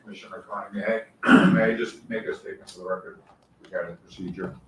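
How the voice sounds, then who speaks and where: A man attorney raising a procedural point at a hearing, speaking in a hesitant, halting way. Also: sits low, fairly even intonation, fairly bright tone, roomy sound, recorded from a distance, slight background noise, poor audio. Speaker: attorney for the appellant. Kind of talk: spoken objection at a hearing.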